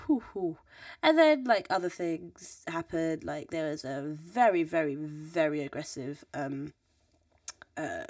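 Animated young woman telling stories. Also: sits low, dry recording. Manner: animated, mimics people in quotes, laughs often, swears. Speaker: podcast host. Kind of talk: casual storytelling chat. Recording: dry, slightly distant mic.

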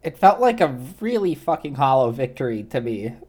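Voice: medium pitch, very animated, moderate pace, a little mellow, slightly rough. A podcast co-host in casual chat, wry and filler-heavy.

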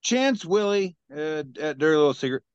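A man with a slightly high, smooth voice describes memes hesitantly, full of ums and uhs. His audio is dull and lo-fi, like a video call. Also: expressive, moderate pace, no echo. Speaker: podcast regular reading memes. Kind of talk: casual chat.

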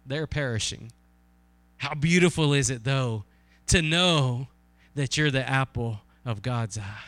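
A man preaching a sermon in an earnest, conversational way, asking his listeners questions and reading scripture slowly and with emphasis. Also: mid-range voice, a bit bright, dry recording.

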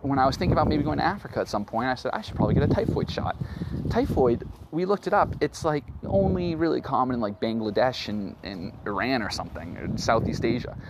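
A man's voice: medium pitch, expressive, fast, few pauses. A man hosting a podcast, recounting his week in a rambling, self-deprecating casual monologue. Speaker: podcast host. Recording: noisy background hiss.

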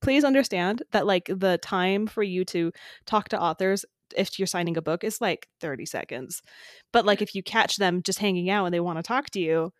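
A young woman who is a podcast co-host, a little sick, telling stories in an excitable casual way, recording in her living room. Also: fairly low pitch, normal speed, no echo, clean studio sound. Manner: chatty, excitable storytelling full of "like". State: sick and clammy. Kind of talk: casual chat.

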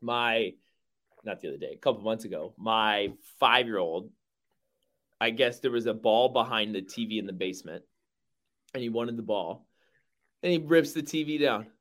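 A man chatting casually about fatherhood, easygoing and quick to laugh as he tells stories. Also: on the low side, fairly bright tone. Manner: laughs often, easygoing storytelling. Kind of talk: casual chat.

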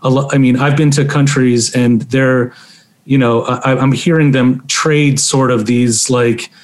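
A young man from Maryland, speaking in a halting, reflective conversational way with many fillers and restarts. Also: mid-range voice, fairly even intonation. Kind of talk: conversational interview.

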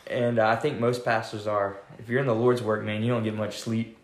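Associate pastor, man, low voice, rambling casual storyteller, echoey room. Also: flat delivery, fairly quick, background noise. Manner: rambling, lots of fillers and "man".

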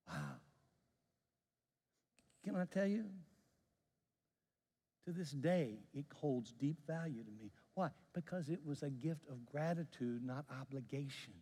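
Male pastor, sermon delivery, halting storyteller, long hall reverb. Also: fairly high pitch, very animated, warm tone, husky. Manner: storytelling with repeated stammered restarts.

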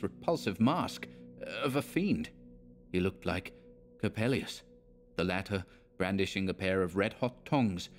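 A man narrating a dark story in a measured, dramatic reading. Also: fairly low pitch.

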